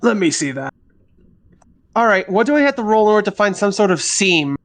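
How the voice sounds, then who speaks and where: A man's voice: high voice, animated, quick pace, fairly bright tone. A man playing a tabletop role-playing game, thinking aloud and asking about the rules. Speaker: player.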